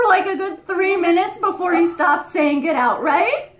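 A woman telling a story on her parrot vlog, animated and laughing as she acts out what was said. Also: very high voice, normal speed, echoey room. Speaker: parrot vlogger. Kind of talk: casual story time.

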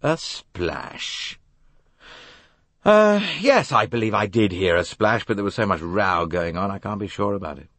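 A man voicing an angry, defiant young man who speaks bluntly and gruffly. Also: on the low side, expressive, unhurried, fairly bright tone, no echo, pitched above the performer's own voice, full character voice. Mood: casual.

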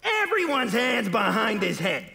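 A man voicing a gruff armed bandit who barks demands, in a comedy sketch with long stage reverb. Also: high-pitched, huge pitch swings, unhurried, bright, forceful tone, exaggerated voice. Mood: threatening. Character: armed male bandit in trench coat.

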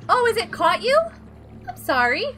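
A young woman streaming a video game, chatting casually and getting excitable, with frequent gasps and giggles. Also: extremely high pitch, moderate pace, soft background music. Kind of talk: casual live gameplay chat.

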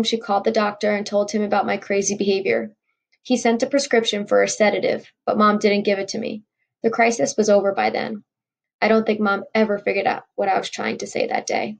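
Woman reading a chapter book out loud, wry, gravelly fry in her voice. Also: medium pitch, level tone, fairly quick. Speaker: audiobook reader. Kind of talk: reading a novel aloud.

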